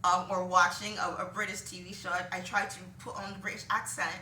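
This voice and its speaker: Rambling woman with a bright, roomy sound. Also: on the low side, flat delivery, fairly quick, a little hiss or hum. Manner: rambling, frequent ums, laughs at herself. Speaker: vlogger. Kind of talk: casual opinion monologue. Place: home room with laundry behind her. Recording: roomy, distant from the mic.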